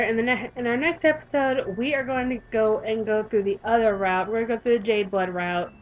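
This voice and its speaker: A young woman with a Southern US accent reads a visual novel aloud and comments on it, gushing and animated. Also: fairly high pitch, a little fast, hardly any pauses, lo-fi sound. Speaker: gaming YouTuber.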